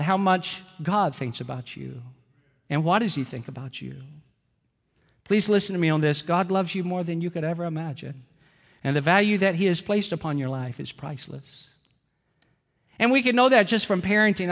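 A man's voice: high-pitched, fairly bright tone, in a large hall. A middle-aged man preaching a sermon as pastor, earnest and storytelling, repeating phrases for emphasis.

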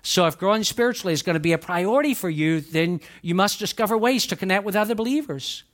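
Southern male pastor, high tenor, emphatic pulpit delivery that rises and drops. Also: expressive, fast talker. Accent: Southern American. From Southern United States. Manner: emphatic preaching, swinging between raised exhortation and quiet asides. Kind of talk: sermon. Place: church sanctuary.

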